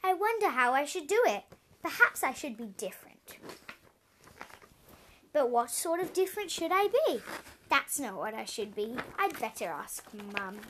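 A small, earnest princess frets aloud about growing up, her voice high and bright. She is read by a woman in her storytime voice. A faint hiss sits under the reading. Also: sing-song, measured pace, full character voice. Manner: earnest, questioning. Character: curious little princess, earnest and fretful.

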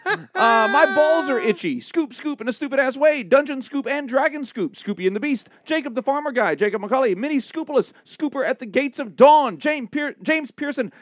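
Male podcast co-host, very high voice, dry close sound, deadpan. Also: no room sound. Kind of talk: joking podcast banter.

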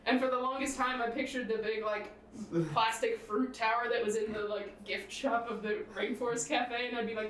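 A woman's voice: a little high, little pitch movement, normal speed, a bit bright. A woman from England co-hosting a podcast, chatting casually and laughing often as she rambles through stories. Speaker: podcast co-host. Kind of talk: casual chat. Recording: echoey room from far off with faint noise.

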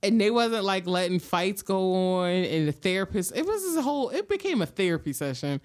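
Woman with a lively, bouncing voice. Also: mid-range voice, a little fast. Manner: lively, playful reactions, joins in the banter. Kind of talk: casual chat.

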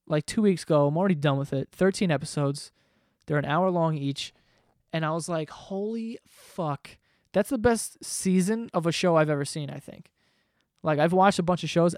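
A man's voice: fairly high pitch, a little mellow, dry recording, clean studio sound. A man in his twenties ranting casually to camera at home, profane and rambling. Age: 20s. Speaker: vlogger. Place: home room below living room.

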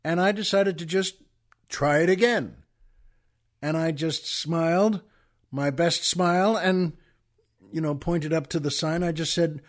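A man hosting a show, telling a comic story in an animated way, stammering as he acts out the outbursts. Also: on the high side, unhurried. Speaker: podcast host.

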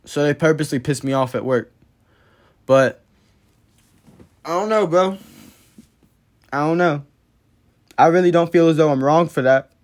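A man hosting a podcast, telling a story in a blunt, profane, heated way. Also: medium pitch. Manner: blunt, profane, heated retelling of a work dispute. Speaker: podcast host. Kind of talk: casual storytelling monologue.

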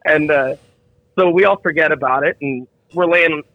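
A man's voice: fairly high pitch, normal speed, no echo, narrow, tinny audio. A man telling a crude, rambling story on a casual podcast, often laughing at his own punchlines. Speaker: podcast co-host.

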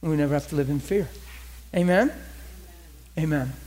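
A man's voice: fairly high pitch, moderate pace, darkish tone. A middle-aged man preaching to a church meeting, telling a story in a conversational, emphatic, folksy way. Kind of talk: sermon with storytelling.

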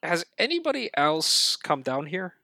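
A man's voice: on the high side, big pitch swings, a little slow, creaky, sharp tone. A man playing a tabletop game, pushy and joking as he questions a character. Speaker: player.

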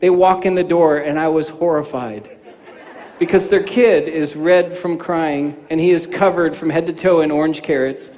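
A man in his fifties preaching a sermon, animated and telling stories, acting out dialogue in quoted voices. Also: on the high side, moderate pace. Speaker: pastor. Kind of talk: sermon with personal storytelling. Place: church sanctuary. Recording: reverberant church hall.

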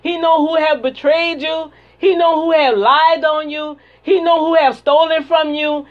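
High-pitched woman preaching fervently. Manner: fervent, repetitive preaching cadence. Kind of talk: sermon and prayer. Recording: dull lo-fi sound.

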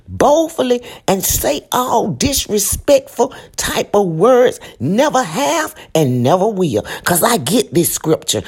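A woman's voice: on the high side, vocal fry, husky. A woman giving an informal Bible teaching, emphatic and repeating her phrases as she preaches.

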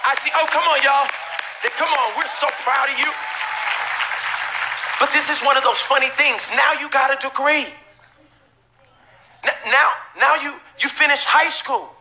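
A man preaching a sermon as pastor to a live church congregation, emphatic and repetitive with bursts of shouting and casual joking asides. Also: very high voice, fairly even intonation, unhurried, pauses often, some chatter behind, slight background noise.

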